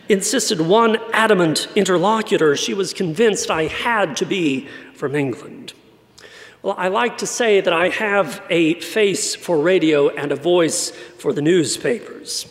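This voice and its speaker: Guy from san antonio with a high light voice, giving a sermon, telling it wry and chatty, lots of church reverb. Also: measured pace. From San Antonio, Texas. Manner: high, light voice often mistaken for British; wry, conversational storytelling. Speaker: preacher.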